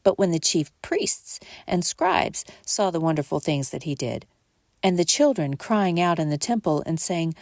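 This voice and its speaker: Woman reading scripture in a mellow voice. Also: very animated, no echo, studio quality. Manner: measured, lifts pitch for quoted speech. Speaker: podcast host reading scripture.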